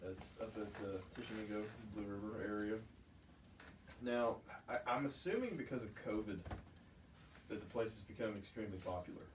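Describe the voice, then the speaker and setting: A man's voice: lowish voice, animated, moderate pace. A man co-hosting a podcast, telling stories with heated, profane outbursts. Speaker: podcast co-host. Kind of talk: casual chat. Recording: roomy, distant mic, faint noise.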